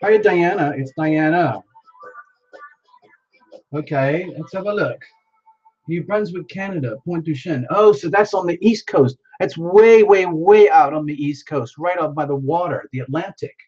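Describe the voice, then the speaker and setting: A host on a live stream, talking slowly but excitedly, greeting viewers one by one and hurrying to keep up with the chat. The audio is a bit dull and lo-fi. Soft music plays faintly behind the voice. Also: medium pitch, breathy edge. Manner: excitable, many exclamations, reads viewer names aloud while scrambling to keep up. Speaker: livestream host.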